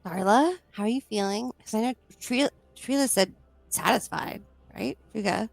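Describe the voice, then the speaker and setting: Woman player in a tabletop game, high voice with gravelly fry, giggly and excitable. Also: moderate pace, no echo. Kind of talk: casual tabletop game chat.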